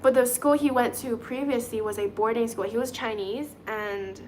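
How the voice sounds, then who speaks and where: Giggly, chatty woman, fairly high voice. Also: moderate pace, a little mellow, a little hiss or hum. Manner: chatty, giggly, thinks aloud; doing her nails while talking. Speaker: livestream host reading chat. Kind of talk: casual live-stream chat.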